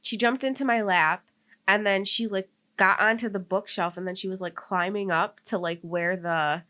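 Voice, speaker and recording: At a moderate pace, her medium-pitched voice stays fairly even and a bit bright. She's a young podcast co-host rambling casually through a personal story, full of "like," with laughter and some tears.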